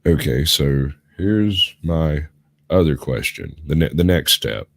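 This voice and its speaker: A sick man with a hoarse, gravelly voice, rambling and explaining in a casual chat as host of a live stream. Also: extremely low pitch, expressive, slow, dry recording, clean studio sound. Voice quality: rough, gravelly. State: hoarse from illness.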